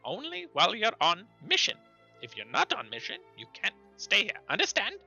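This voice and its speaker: A man voicing a fussy small gnome messenger with a high squeaky voice and a hurried, officious manner. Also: huge pitch swings, creaky, bright, forceful tone, dull audio, soft background music, heavily acted.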